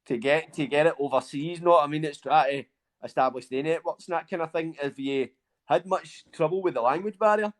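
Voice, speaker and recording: Brief: Scottish host with a Glasgow accent, quick and slightly high, says aye, swears a lot. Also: male voice. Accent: Glaswegian Scottish. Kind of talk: casual chat.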